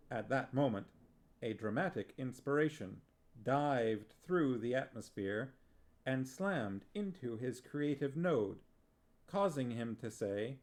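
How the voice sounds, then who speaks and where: Slow, gravelly-voiced male reader. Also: mid-range voice, darkish tone. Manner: measured, deliberate reading. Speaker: streamer reading a novel aloud. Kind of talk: reading a novel aloud.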